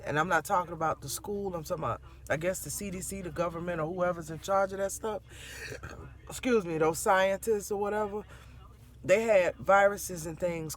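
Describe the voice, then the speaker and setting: A middle-aged grandmother telling a family story to her viewers, animated and laughing as she goes. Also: fairly low pitch. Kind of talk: casual storytelling to camera.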